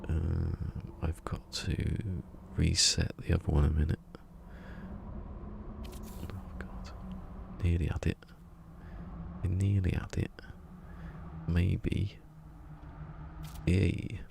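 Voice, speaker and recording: A man's voice: sits low, level tone, takes it slowly, creaky, long pauses, background noise. A man chatting casually while streaming a game, rambling and chuckling as he talks to himself. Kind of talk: casual gaming stream chat. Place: home room.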